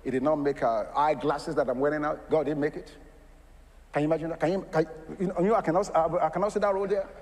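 A man's voice: on the high side, steady tone, fast talker, darkish tone, in a large hall. A man preaching a sermon. He asks the congregation rhetorical questions and breaks into laughing asides.

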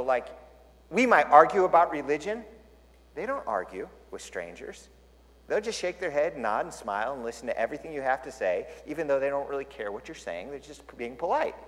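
A male pastor giving a storytelling sermon, jokey and animated, acting out the scenes. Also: mid-range voice. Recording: long hall reverb.

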